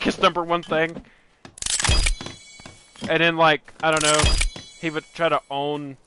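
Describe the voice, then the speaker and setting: A man's voice: a little high, background noise. A young man hosting a gaming channel, chatting casually while he plays, rambling and laughing often as he restarts his sentences. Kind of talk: casual let's-play chat.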